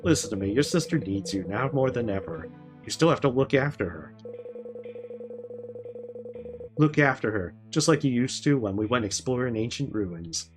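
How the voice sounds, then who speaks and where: A man voicing a gentle father encouraging his grown daughter, reassuring in manner, over game music. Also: mid-range voice, expressive, normal speed, lightly acted.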